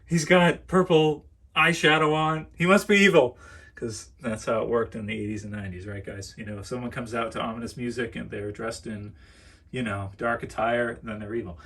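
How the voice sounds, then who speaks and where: A man's voice: mid-range voice, fairly even intonation, normal speed, a bit bright, husky. A man chatting casually as he shows off his toy collection, rambling and restarting phrases and calling his viewers "dudes". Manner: repeats and restarts phrases often. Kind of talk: casual collection tour vlog.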